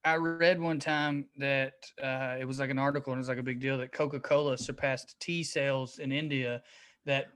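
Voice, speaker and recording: A man's voice: medium pitch, steady tone, normal speed, a bit bright, clear, resonant tone. A man co-hosting a podcast. He makes dry, cynical asides in casual banter. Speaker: podcast co-host.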